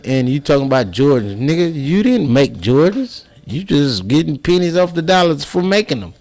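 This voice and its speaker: A man's voice: a little high, very animated, normal speed, darkish tone. A man giving impassioned personal commentary, heated and profane, with many restarts and repeated words.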